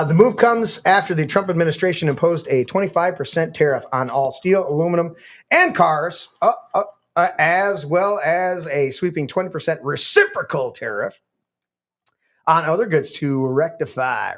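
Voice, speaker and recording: A male podcast host rants casually while reading news articles aloud. His voice sits somewhat high, and he rambles, swears and trips over his words. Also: animated, normal speed, a bit bright.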